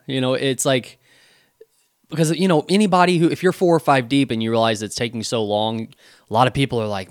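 A young father chatting casually on a podcast, amused by everyday annoyances. He tells his stories wryly and laughs often. His voice is mid-pitched and recorded close and dry. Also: a little fast, dry recording. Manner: relaxed, wry storyteller who laughs easily. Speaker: podcast co-host. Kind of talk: casual chat.

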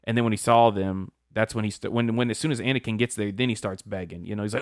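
A man's voice: fairly low pitch, fairly even intonation, fast talker, hardly any pauses, dry recording, clean studio sound. A man co-hosting a casual podcast, confidently explaining lore at length and swearing casually. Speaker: podcast co-host. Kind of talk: casual chat.

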